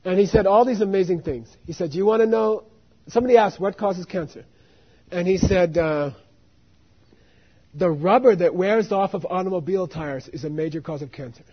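A man's voice: high-pitched, moderate pace, breathy edge, dull audio. A man teaching students, telling a long story in a rambling way and asking "you see what I mean" again and again. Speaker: dharma teacher.

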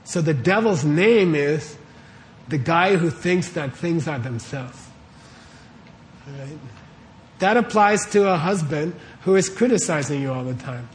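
A man with a fairly high voice teaches a Buddhist lesson in a casual, conversational way, often quizzing his audience and checking that they follow. A faint room ambience sits behind him. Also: expressive, a little slow, slight background noise. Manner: conversational, questions the audience often, lots of okays. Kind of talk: casual dharma lecture to a live audience. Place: warm room with a live audience.

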